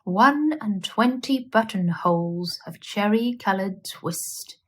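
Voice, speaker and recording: A woman's voice: medium pitch, unhurried, close to an everyday voice. A woman voicing a poor old male tailor who mumbles and laments to himself. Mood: fretful mumble.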